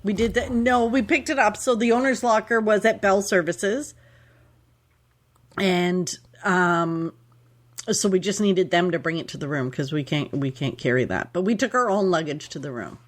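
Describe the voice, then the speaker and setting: A woman's voice: medium pitch, moderate pace. A woman from Canada co-hosting a podcast, chatting casually, rambling and correcting herself with giggles. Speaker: podcast co-host. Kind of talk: casual chat.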